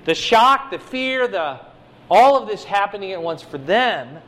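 Teaching from a Bible passage in a conversational sermon, a man with a high voice takes an unhurried pace. His delivery is animated, shifting from loud, emphatic points to quiet asides.

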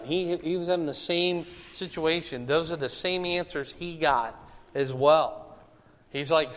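A man with a voice a touch higher than most, leading a Bible study in a relaxed, conversational way. He keeps checking in with his listeners with little questions like "right?" and "okay?". The recording has a long reverb tail, as if it were made in a hall.

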